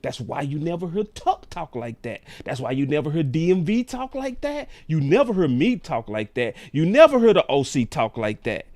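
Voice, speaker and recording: A man's voice: on the high side, wildly swooping pitch, normal speed, few pauses, darkish tone, dry recording. A man hosting a sports talk show, ranting in a casual, slangy way.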